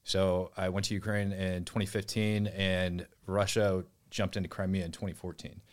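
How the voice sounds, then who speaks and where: A man's voice: low voice, level tone, normal speed. A man, a former soldier, talking casually and bluntly as a podcast guest, swearing and restarting his sentences. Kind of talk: casual conversation. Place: small room in a house.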